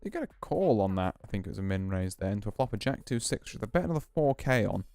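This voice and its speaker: Smooth low-voiced male poker streamer. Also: quick pace, no echo, soft background music. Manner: relaxed, musing, explains hands as he plays. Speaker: VTuber streamer. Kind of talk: casual poker play commentary.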